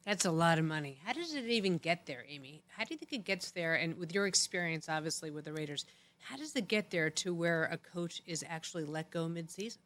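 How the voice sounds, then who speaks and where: A woman's voice: fairly low pitch, animated, fairly quick, fairly bright tone. A woman co-hosting a sports talk show, prompting her guest with curious questions. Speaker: podcast co-host. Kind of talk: interviewing in casual chat.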